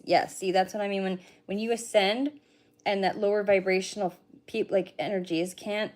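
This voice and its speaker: A middle-aged woman streams a casual oracle card reading, speaking at normal speed in a darkish, mid-range voice with fairly even intonation. She's chatty, swears now and then, and addresses her viewers directly.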